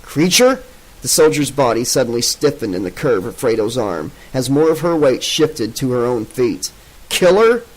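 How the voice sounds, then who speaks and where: A man narrating a novel in a steady, even way. His voice sits at a middling pitch and keeps the story moving. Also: moderate pace, few pauses, slightly rough, poor audio. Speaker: audiobook narrator. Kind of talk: audiobook narration.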